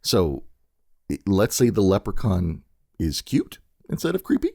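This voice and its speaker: A playful, theatrical man banters as co-host of a casual podcast. His low voice has a gravelly edge and swoops widely up and down. Faint music plays behind him. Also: wildly swooping pitch, measured pace, a little mellow, dry recording, studio quality.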